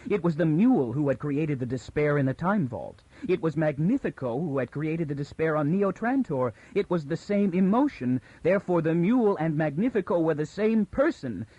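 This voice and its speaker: A man voicing a frightened young woman who reasons tensely through her fear, pitched above his own voice. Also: animated, normal speed, hardly any pauses, warm tone, breathy edge, dry recording, highs cut off. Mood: near hysteria.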